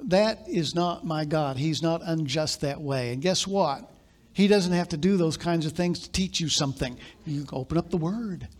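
A male pastor with a notably high-pitched voice, preaching live in church. He tells stories in a low, confiding way, then lifts into loud, emphatic preaching. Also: moderate pace. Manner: storytelling, swinging from quiet asides to loud emphatic preaching. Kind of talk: sermon.

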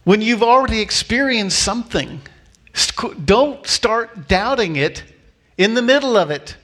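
Man preaching with animated storytelling. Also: high voice. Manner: animated storytelling, acting out voices of people in the story; repeats key phrases slowly for emphasis. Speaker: pastor. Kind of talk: sermon.

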